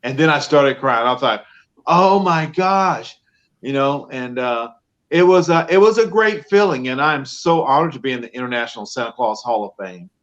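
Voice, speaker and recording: A man's voice: mid-range voice, brisk, muffled recording. A man, a professional Santa Claus as guest, chatting casually and acting out the voices in his own stories. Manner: animated storyteller, acts out both sides of phone calls. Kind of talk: casual interview chat.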